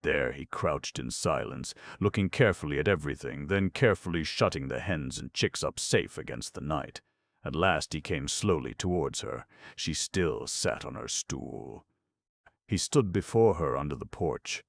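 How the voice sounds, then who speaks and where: A man reading a novel aloud as an audiobook narrator, in a measured, expressive manner. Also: a bass voice, vocal fry, no room sound, studio quality. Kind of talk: scripted narration.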